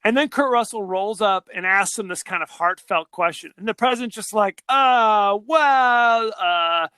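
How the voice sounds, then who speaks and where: A man's voice: sits high, brisk, dry recording. A man co-hosting a podcast, recapping a film in casual chat and acting out the characters' lines. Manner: animated storytelling, acts out characters' lines. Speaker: podcast co-host.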